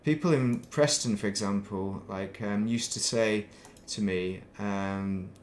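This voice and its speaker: A middle-aged man with a softened northern English accent, chatting casually and rambling while streaming a game. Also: fairly low pitch, slow, slight background noise. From northern England. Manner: rambling, thinks aloud, laughs at himself. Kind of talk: casual chat while playing.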